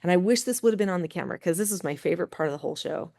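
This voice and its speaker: A middle-aged woman, a guest on a parenting show, telling stories in lively conversation and acting out other people's voices. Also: on the low side, racing. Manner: lively, acts out quoted voices. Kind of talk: conversational storytelling.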